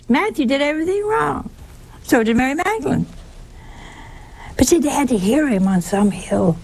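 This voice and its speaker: A woman's voice: high voice, very animated, normal speed, pauses often, a little mellow. A woman preaching a sermon in a folksy way, full of rhetorical questions and exclamations.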